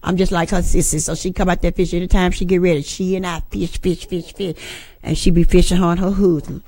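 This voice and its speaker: A woman's voice: lowish voice, little pitch movement, fairly quick, dark tone, dry recording. A middle-aged woman, preaching an informal sermon with folksy jokes and asides to the congregation.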